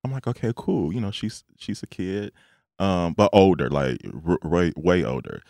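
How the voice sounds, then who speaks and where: A man's voice: low voice, normal speed, gravelly, dry recording, studio quality. A man co-hosting a casual chat, telling a story with lots of acted-out quoted dialogue. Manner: animated storyteller who acts out quoted dialogue.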